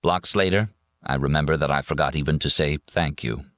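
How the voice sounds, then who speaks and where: A man reading a memoir audiobook in a measured, steady first-person narration. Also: a bass voice, no room sound, studio quality. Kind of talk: scripted narration.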